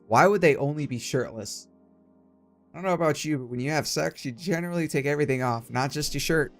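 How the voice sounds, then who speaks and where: A man's voice: medium pitch, lively intonation, quick pace, faint music behind. A young man hosting a casual let's play, ranting with heavy swearing. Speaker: gaming channel host.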